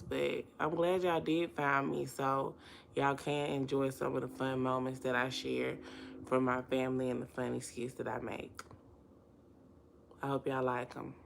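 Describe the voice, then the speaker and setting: A livestream host from Alabama with a Southern accent chats casually and expressively with her viewers, reading their comments aloud. Her voice is extremely low, with vocal fry, and there's a little hiss or hum in the recording.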